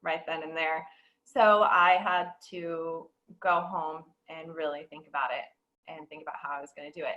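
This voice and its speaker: A woman speaking as a guest in a casual podcast conversation, bubbly and quick to laugh. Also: low voice, a bit bright, lo-fi sound.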